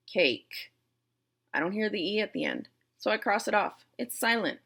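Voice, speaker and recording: A Boston teacher with a Boston accent walks viewers step by step through syllable types in a classroom-style lesson. Her voice is fairly low and gravelly, and she talks to her audience directly and playfully.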